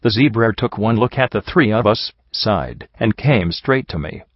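Low-voiced man reading a story. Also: normal speed, no echo. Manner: steady, plain narration with light voicing for dialogue. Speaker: audiobook reader. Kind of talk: fan fiction read aloud as a first-person audiobook. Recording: dull, dry home recording.

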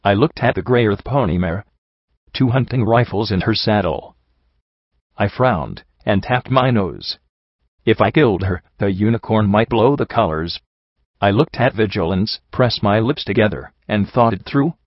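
Low-voiced man narrating a story. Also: moderate pace, no room sound, muffled recording. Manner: steady first-person storytelling. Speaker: audiobook narrator. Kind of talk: scripted narration of a fan story.

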